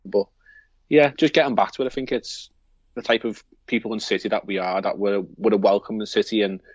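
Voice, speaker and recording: A man with a Liverpool accent co-hosts a football podcast, chatting casually in a rambling way with many restarts. His lowish voice stays steady and a little fast. The recording has no echo but is muffled.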